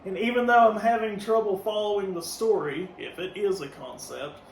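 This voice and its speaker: High-voiced man reading review notes. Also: normal speed. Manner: reads review notes with frequent laughs and fillers. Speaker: podcast co-host reviewing albums. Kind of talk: casual review chat, partly read from notes. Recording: echoey room, distant mic, faint noise.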